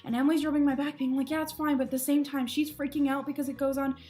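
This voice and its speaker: A young woman with a high, bright-pitched voice tells stories about her own mishaps straight to camera, chatty and self-mocking, often breaking into laughter. Soft music plays faintly underneath. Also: little pitch movement, very fast. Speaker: vlogger. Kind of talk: casual storytelling to camera.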